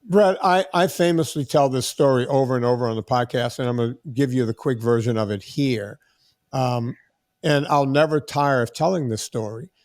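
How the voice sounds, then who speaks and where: A man's voice: mid-range voice, normal speed, no room sound, studio quality. A podcast host in his sixties telling a long story in casual chat, acting out the voices of the people in it. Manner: animated, acts out quoted dialogue.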